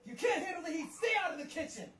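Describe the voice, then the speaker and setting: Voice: very high-pitched, very animated, fast talker. Someone hamming up an edgy anime dub brawler. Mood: cocky. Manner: shouty, gruff tough-guy bravado. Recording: distant, roomy, noisy clip audio.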